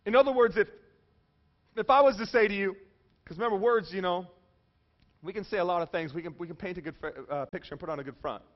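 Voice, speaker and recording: A man's voice: sits high, fast, long pauses, highs cut off. A man preaching a sermon in a conversational, jokey way, often checking in with the audience. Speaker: pastor.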